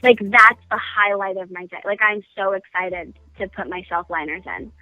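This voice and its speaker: A woman's voice: mid-range voice, normal speed, no room sound, narrow, tinny audio, soft background music. A woman guest chatting casually in a phone-in radio interview, self-deprecating and full of ums. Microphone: phone call.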